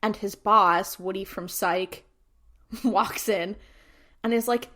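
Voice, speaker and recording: A woman in a relaxed podcast chat, recapping a show scene by scene. She talks at a middling pitch and keeps dropping "like" between clauses as she acts out bits of dialogue. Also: takes it slowly, pauses often. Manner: animated retelling with quoted voices, many "like"s. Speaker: podcast co-host.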